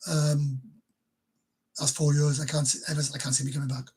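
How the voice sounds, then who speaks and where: Chatty husky Welsh man in his fifties. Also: a little high, level tone, normal speed, darkish tone. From Wales. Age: 50s. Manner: chatty and emotional, laughs between sentences. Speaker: livestream host. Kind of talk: casual livestream chat. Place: bedroom.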